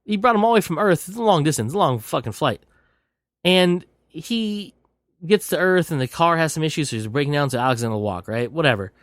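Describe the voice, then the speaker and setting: A man's voice: a little high, animated, fairly quick, a bit bright, no room sound. Podcast host, man, rambling and profane, dry close mic. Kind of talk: casual movie recap.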